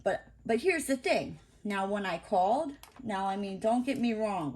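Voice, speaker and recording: A woman's voice: mid-range voice, lively intonation, measured pace, hardly any pauses, a little mellow, a little hiss or hum. A woman vlogger chatting casually while she crafts, telling a story in a blunt, profane way, full of "like" and asides.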